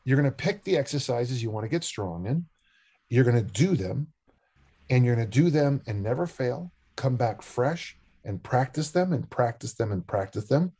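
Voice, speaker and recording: A man's voice: mid-range voice, moderate pace, husky. An older man, a strength and discus coach, telling joking stories as a guest on a podcast interview. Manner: animated, joking storyteller.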